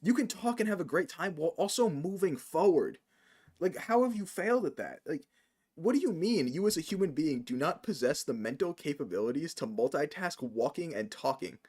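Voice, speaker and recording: A man from New rants in casual stream chat, saying "like" constantly. His voice sits a little high and moves in a lively way. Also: brisk, husky. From New York. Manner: animated ranting, says "like" a lot, laughs often.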